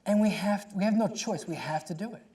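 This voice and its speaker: A middle-aged man speaking on a panel in a conversational way, telling stories with quick asides. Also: high-pitched, mellow.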